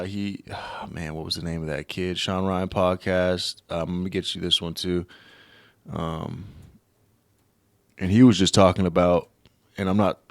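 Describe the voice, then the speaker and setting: A man's voice: deep voice, no echo. Profane rambling young man, dry close sound. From United States. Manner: profane, rambling, looks things up on air and reads aloud haltingly. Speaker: podcast host. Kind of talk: casual solo podcast rant.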